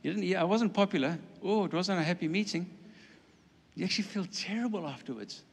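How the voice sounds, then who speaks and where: A fairly high-voiced man delivers a sermon with lively, animated energy. He slips into playful asides and acts out the voices he quotes. His voice rings with a long hall reverb, as if from the front of a large church. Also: fairly quick, gravelly, breathy edge. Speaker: preacher.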